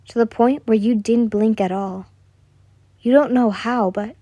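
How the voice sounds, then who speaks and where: A woman reading a second-person fan story aloud in a soft way, now and then correcting herself. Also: a little high, no echo. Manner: slow, soft, with occasional self-corrections. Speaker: fan fiction reader.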